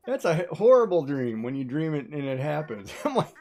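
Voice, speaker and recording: A woman's voice: sits low, animated, a little fast, a little mellow. A woman streamer chatting casually as she plays, telling stories with frequent laughter. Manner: chatty storytelling, laughing often. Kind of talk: casual chat while playing a game.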